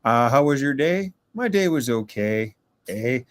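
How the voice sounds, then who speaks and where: A man's voice: mid-range voice, expressive, unhurried, dry recording, studio quality. A man leaving a rambling, casual voice message for a podcast, tagging "eh" onto his sentences. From Minnesota, USA. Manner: rambling, ends sentences with a questioning "eh".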